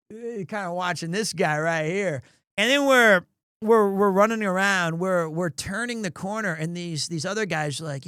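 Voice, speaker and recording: A man's voice: high-pitched, moderate pace, bright, forceful tone, clear, resonant tone, dry recording, studio quality. A young man streaming live, telling a rambling story with lots of restarts and chatting with viewers. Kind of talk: casual livestream chat.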